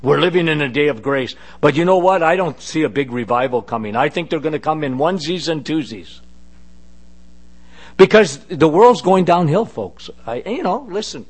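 A man's voice: a little high, animated, moderate pace. A man preaching a sermon, emphatic and fervent, repeating phrases for weight and turning to the congregation with chatty asides. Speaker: pastor.

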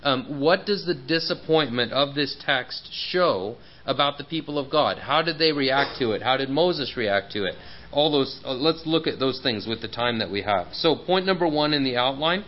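Earnest male preacher, conversational sermon delivery, slightly muffled church recording with faint hiss. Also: mid-range voice. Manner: earnest and personal, with many fillers and repeated words.

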